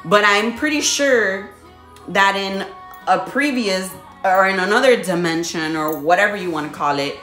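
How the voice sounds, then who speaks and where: Woman vlogger, casual spiritual storytelling, lively delivery, echoey room with faint music behind. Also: moderate pace. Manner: animated storytelling, laughs often, acts out her own reactions in a high voice. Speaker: body contouring business owner. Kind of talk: casual spiritual vlog talk.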